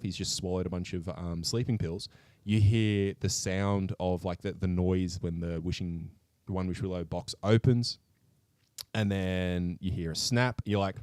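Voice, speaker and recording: A man co-hosting a podcast, retelling a film plot in an animated, sweary way. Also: sits low, no echo. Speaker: podcast co-host. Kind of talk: casual chat.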